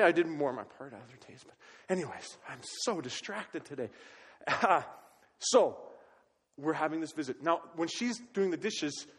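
A man preaching a sermon to his congregation, telling everyday stories with animated energy and sometimes hollering. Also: high voice. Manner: animated storytelling, hollering when quoting himself. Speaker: pastor. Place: church sanctuary. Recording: long reverb of a church hall.

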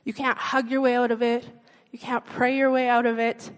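A woman's voice: a little high, level tone, moderate pace, clean tone, long reverb tail, low-quality recording. A woman preaching a sermon in an earnest, conversational way, asking rhetorical questions of her listeners.

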